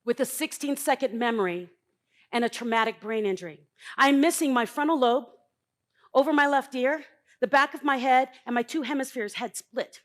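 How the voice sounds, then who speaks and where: A woman's voice: high-pitched, normal speed. Blunt, emphatic woman speaker on stage. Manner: blunt, emphatic, swings from loud bursts to quiet. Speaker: conference speaker. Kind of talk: live motivational talk. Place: conference stage.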